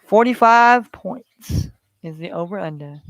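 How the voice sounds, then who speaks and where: A man's voice: sits high, expressive, unhurried, fairly bright tone, no room sound. A man hosting a solo sports betting podcast, talking in a rambling way with many fillers. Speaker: podcast host.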